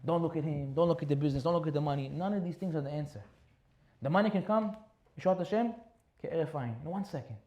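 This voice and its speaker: The man's voice is a little high and he speaks quickly as he delivers a rabbi's sermon. His storytelling is animated, and he hammers home important phrases by repeating them.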